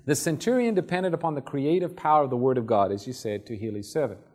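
A man's voice: medium pitch, fast talker, darkish tone. Man preaching a conversational sermon. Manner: conversational, acts out Bible scenes.

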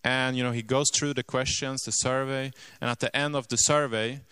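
A man telling a story in a sermon, earnest and dotted with "you know", sinking to a hush at grave moments. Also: mid-range voice, steady tone, normal speed, clear, resonant tone, dry recording. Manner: drops to a hushed voice at grave moments.

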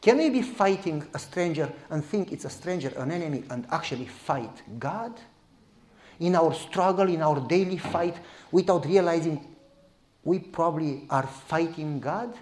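A man preaching a sermon, swinging between loud exclamations and hushed asides, and acting out the voices of people in his stories. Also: a little high, expressive, moderate pace, a little hiss or hum.

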